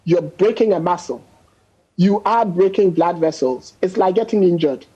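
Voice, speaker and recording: A man's voice: high voice, moderate pace, dark tone, slightly rough, lo-fi sound. A man, a doctor guest on a news panel, arguing his point emphatically with statistics and everyday examples. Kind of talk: panel discussion on a news show.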